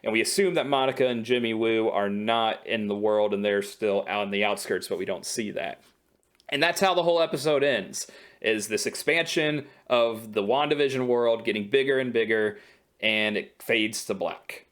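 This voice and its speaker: A man's voice: on the low side, normal speed, fairly bright tone. A man co-hosting a podcast, casually retelling a TV episode and often restarting sentences. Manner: rambling, self-correcting storyteller. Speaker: podcast co-host.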